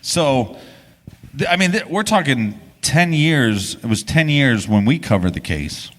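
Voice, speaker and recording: A man's voice: medium pitch, big pitch swings, unhurried. A man, co-hosting a live podcast on stage and telling a story in a casual, rambling way with many restarts. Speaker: podcast co-host. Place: podcast festival stage before an audience. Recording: live stage with long hall reverb.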